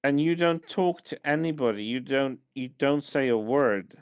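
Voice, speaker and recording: A man talks casually on a podcast with a smooth, resonant voice recorded dry and close. He often stalls and repeats small words before finishing a thought. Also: mid-range voice, normal speed, no room sound. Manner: repeats words while searching for them. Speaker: podcast co-host. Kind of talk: casual chat.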